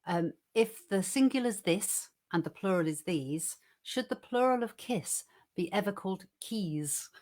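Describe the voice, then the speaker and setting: A woman co-hosting an online show, reading a poem aloud in a measured, rhythmic way and then chatting casually over a video call. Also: medium pitch, animated, a little mellow. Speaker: co-host reading poems. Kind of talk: poetry reading and casual chat.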